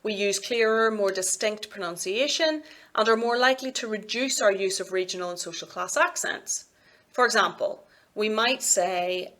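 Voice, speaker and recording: A woman with a Scottish accent delivers a recorded university lecture at a middle pitch. She explains each point clearly and steadily, slipping into a sing-song lilt for her examples. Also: moderate pace, a bit bright.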